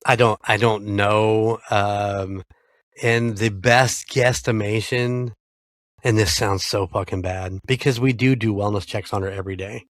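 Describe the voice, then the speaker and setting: Low-voiced American man telling a family story. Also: fairly even intonation, unhurried, dry recording. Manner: storytelling, swears freely, acts out quoted lines. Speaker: podcast co-host. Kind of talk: casual chat.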